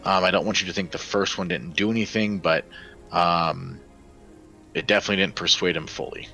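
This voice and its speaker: A man's voice: low-pitched, steady tone, brisk, sharp tone, dull audio, faint music behind. A man running a tabletop game as game master, narrating dramatically with many fillers.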